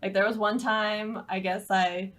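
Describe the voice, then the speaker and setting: A woman's voice: medium pitch, level tone, unhurried, a bit bright. A woman co-hosting a podcast in casual chat, rambling and laughing often. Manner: giggly, rambling. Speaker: podcast co-host.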